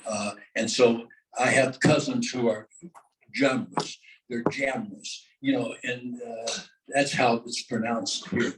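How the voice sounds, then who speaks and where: An older man speaks at a luncheon in a middle-range voice, pausing often on filler sounds. He draws the audience in with questions and has them repeat after him. His voice comes from a distance, away from the microphone. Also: mid-range voice, steady tone, a little hiss or hum. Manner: halting, with frequent filler sounds; engages the audience with questions and call-and-response. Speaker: guest speaker. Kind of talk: luncheon talk. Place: luncheon meeting room. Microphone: microphone held at a distance. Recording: voice heard from off the mic.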